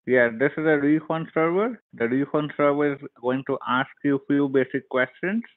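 A man's voice: fairly high pitch, normal speed. Defensive man on a tinny phone line. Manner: defensive, repeats himself, swears back. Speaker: phone scammer. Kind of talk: phone call.

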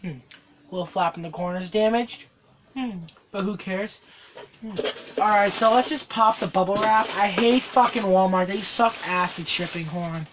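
A man's voice: sits high, normal speed, a bit bright, slight background noise. A teenage boy unboxing a collectible toy on his vlog, swearing constantly and ranting angrily between mumbled hums. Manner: profane angry ranting.

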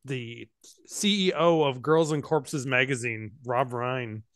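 A man co-hosting a livestream, chatting casually and sharing trivia about low-budget films. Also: slow pace, fairly bright tone, no echo. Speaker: stream co-host. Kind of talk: casual chat about bad movies.

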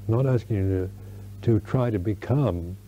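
An older American man, a Buddhist monk, giving a slow Dharma talk at a retreat, searching for words with many restarts. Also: fairly low pitch, a little hiss or hum. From United States. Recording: dull lo-fi 1991 recording.

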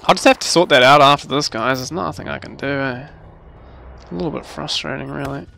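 A young man casually commentating his own game livestream, excitable, laughing and swearing as he plays. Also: medium pitch, brisk, creaky, a little hiss or hum. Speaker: gaming livestreamer.

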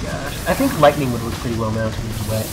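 A man hosting a co-op game let's play, reacting loudly with exclamations and swearing. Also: mid-range voice, brisk, loud music behind the voice, poor audio. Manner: excitable, swearing, yelping exclamations. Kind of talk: co-op gameplay commentary.

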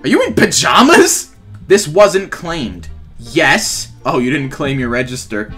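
A young gaming YouTuber trolls his way through a game, giving playful, sarcastic commentary and often laughing mid-sentence. His voice is a little high and sing-song, a bit bright, and measured in pace. Faint music plays in the background.

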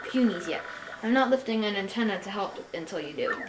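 A woman's voice: medium pitch, lively intonation, brisk, natural voice. A woman playing a stubborn sneering rival. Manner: sneering, defiant. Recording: roomy with game music behind.

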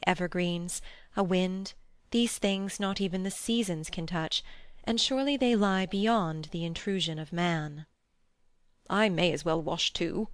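A woman with a fairly low voice narrates a classic audiobook in a measured, even reading. She is close to the microphone. The recording is completely dry, with no room sound. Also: clean tone, no room sound. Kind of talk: scripted narration.

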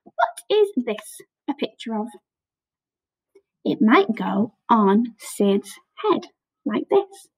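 Slow, high-voiced encouraging teacher woman. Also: big pitch swings, husky, poor audio. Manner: slow, encouraging, sounds out letters with lots of praise. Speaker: primary school teacher. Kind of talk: remote phonics lesson for young children. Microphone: camera.

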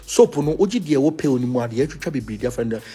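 A man with a Ghanaian accent, the leader of a spiritual movement, chatting casually with viewers. He teases them in a lively way and switches between Twi and English. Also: mid-range voice, quick pace, breathy edge, soft background music. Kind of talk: casual talk reacting to viewers.

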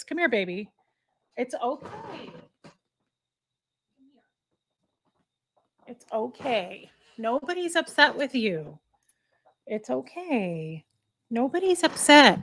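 A woman hosting a casual livestream chat, telling stories in a chatty way and cooing softly to her dog at home. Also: fairly high pitch, no echo. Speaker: livestream host.

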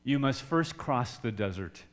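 Unhurried and expressive, this middle-aged pastor speaks in a mid-range male voice. He shares a personal story in his sermon, shifting between hushed, soft stretches and loud shouting.

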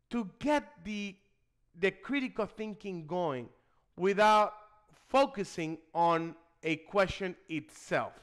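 A man's voice: high-pitched, a bit bright, clean tone. A man tutoring nursing exam students in a video lesson, stressing key points and checking in with "okay?". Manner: emphatic, checks in with the listener with "okay?".

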